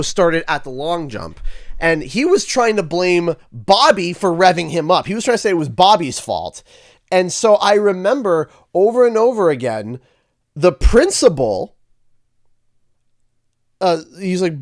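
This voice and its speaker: A man from Canada tells a story on his livestream, acting out each character as he goes. His voice sits a little high and moves around a lot. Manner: animated, acts out quoted voices. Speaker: livestream host. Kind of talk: casual storytelling.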